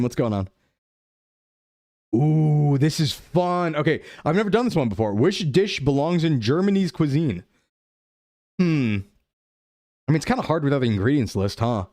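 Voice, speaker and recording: Young man, streamer, fairly high voice, very lively, dry close sound, playful chat. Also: no echo. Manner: chatty, playful, reacts to chat while guessing aloud. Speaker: VTuber streamer. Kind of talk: live-stream gameplay commentary.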